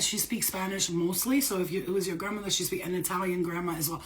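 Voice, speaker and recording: A woman's voice: on the low side, fast. A woman psychic medium talking casually to her viewers, blunt and emphatic, swearing freely, using street slang and repeating phrases for stress. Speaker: psychic medium giving spirit readings. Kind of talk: casual unscripted channeling talk to viewers.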